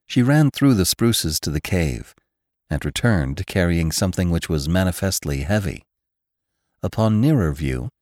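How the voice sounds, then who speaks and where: Deep-voiced man reading a classic novel. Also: darkish tone, no echo, clean studio sound. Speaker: audiobook narrator. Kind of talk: scripted narration of a classic novel.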